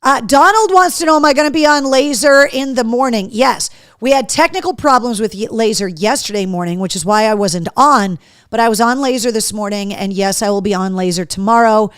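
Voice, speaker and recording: Woman host, higher voice, dry close sound, animated and profane, reads viewer comments live. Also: fairly quick, smooth, dry recording. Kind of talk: live show chat reading viewer comments.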